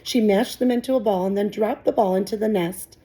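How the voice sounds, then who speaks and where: A woman teacher reading a children's book aloud with calm, clear storytelling. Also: medium pitch, brisk, rough recording.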